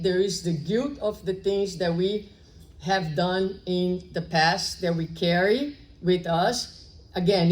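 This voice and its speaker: A woman delivers a public talk on spirituality and the inner life. Her voice sits a little low, and her manner is conversational. She keeps asking the audience rhetorical questions and checking in with a quick "right?". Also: darkish tone, rough recording. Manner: acts out short dialogues in her story. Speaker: spiritual lecturer. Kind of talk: public lecture on spiritual psychology.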